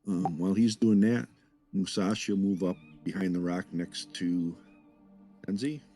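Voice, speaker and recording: A male tabletop player with a deep, low-pitched voice chats casually. He talks his way through each action and hesitates with ums. Faint music sits in the background. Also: unhurried, mellow. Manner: thinks aloud while declaring actions, with ums. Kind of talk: casual tabletop game play.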